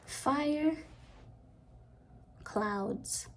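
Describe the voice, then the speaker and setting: A woman giving a rambling, soft-spoken tarot reading that often slips into a half-whisper. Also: sits high, extremely slow, a little hiss or hum. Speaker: tarot card reader. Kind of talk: intuitive pick-a-card reading.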